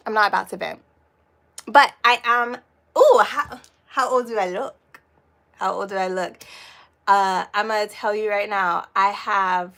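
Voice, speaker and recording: A woman's voice: mid-range voice, creaky, sharp tone. A young adult woman chatting casually on a live stream, rambling, swearing freely and laughing often. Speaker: vlogger.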